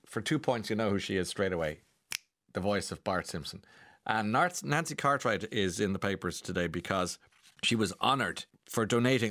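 A man hosts a radio chat, rambling on with restarts and asides. His voice sits on the low side. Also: a bit bright. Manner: rambling, chatty, many restarts and chuckles. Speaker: radio host. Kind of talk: casual chat.

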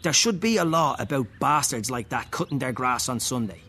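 A man voicing a grumpy, foul-mouthed father, gruff and irritable. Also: mid-range voice, expressive, brisk, bright, forceful tone, a little hiss or hum. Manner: gruff, cursing.

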